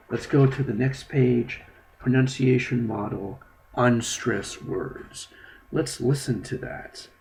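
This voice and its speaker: A low-voiced male English teacher talks through a recorded textbook lesson at an unhurried pace. His voice has a gravelly rasp, and he explains each step patiently, often letting the ends of his sentences fade. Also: a little hiss or hum, low-quality recording. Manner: slow, step-by-step, trailing off softly.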